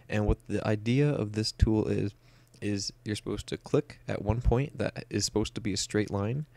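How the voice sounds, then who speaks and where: A man's voice: on the low side, gravelly, a little mellow, no echo. A young man talking casually through a photo editing tutorial, explaining each step with plenty of "uh" and "um". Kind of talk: screen-recorded software tutorial.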